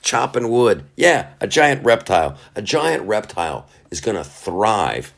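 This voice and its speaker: Low gravelly animated male podcast host. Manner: rambling, laughs at his own jokes; quick asides and restarts, animated. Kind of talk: casual solo commentary.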